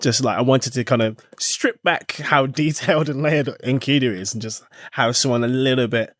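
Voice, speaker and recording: A man's voice: medium pitch, moderate pace, no echo. A man chatting on a podcast in an easygoing, laughing way. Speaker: podcast guest, player. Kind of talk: casual chat.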